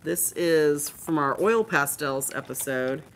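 A woman's voice: low voice, slow, noisy background. A woman hosting a live art supply show, chatting and showing off products with enthusiasm while joking with her co-hosts. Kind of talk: casual live-stream product showcase.

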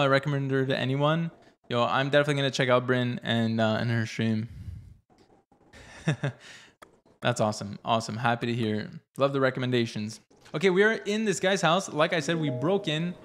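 A young man live-streaming a game, chatty and excitable, reading chat aloud and reacting playfully. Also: mid-range voice.

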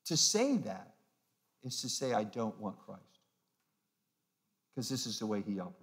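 A man preaching as a pastor, emphatic, swinging between loud peaks and hushed low phrases, and acting out the mocking voices of the crowd. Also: big pitch swings, normal speed. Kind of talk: sermon.

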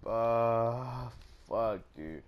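A man's voice: mid-range voice, extremely slow, smooth, highs cut off. A young man commentating his own gameplay, swearing constantly and letting out sudden angry outbursts. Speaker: gaming YouTuber.

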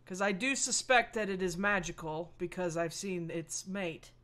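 A woman's voice: fairly low pitch, normal speed, fairly bright tone. A woman playing a tabletop role-playing game who describes her character's plans thoughtfully, hesitating and restarting her phrases. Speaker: player.

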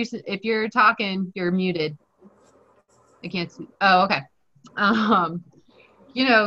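A woman's voice: a little high, sharp tone. A woman instructor leading a live online culinary class in a chatty, joking manner over a video call. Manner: playful, chatty, jokey. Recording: muffled online call audio.

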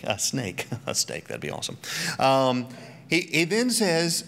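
A man's voice: medium pitch, huge pitch swings, unhurried, creaky, a bit bright. A middle-aged man giving a church Bible teaching talk, full of joking, self-mocking asides.

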